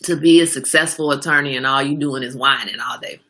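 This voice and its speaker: A woman hosting a casual livestream, answering viewer comments by name in an animated way. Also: brisk. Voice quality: gravelly low voice. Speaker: livestream host.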